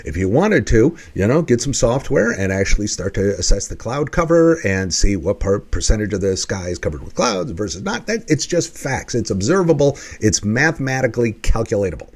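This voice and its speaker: A man coaching viewers in a lecture-style explanation, teaching in an animated way and acting out examples. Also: lowish voice, fairly quick, few pauses, husky. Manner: animated teaching, acts out examples in put-on voices. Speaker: leadership and workplace coach.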